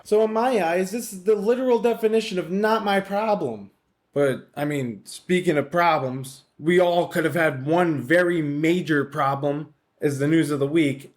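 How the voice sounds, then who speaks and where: A male podcast host carries a one-man show with a voice pitched a little higher than most men's. He wanders from point to point, swearing casually and tossing off sarcastic asides. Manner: rambling, profane, wisecracking. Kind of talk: casual solo podcast monologue.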